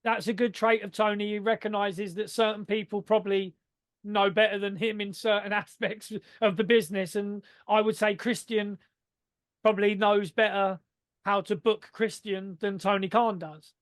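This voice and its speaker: A man with a notably high voice chats on a podcast in a very dry, close-miked sound. He is animated and sweary, piling on fillers. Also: normal speed, no room sound. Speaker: podcast co-host. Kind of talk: casual chat.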